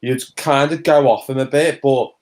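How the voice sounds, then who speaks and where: Cheeky Liverpool lad on a video call, laid-back, mid-pitched. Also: male voice, steady tone, moderate pace, darkish tone. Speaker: film discussion co-host. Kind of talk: casual chat.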